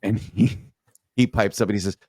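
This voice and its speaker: Middle-aged ex-sergeant guest, very deep voice, blunt and profane, telling stories from the job. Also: male voice, steady tone, normal speed, darkish tone, dry recording, clean studio sound. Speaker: former police sergeant, podcast guest. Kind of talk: casual storytelling in a podcast chat.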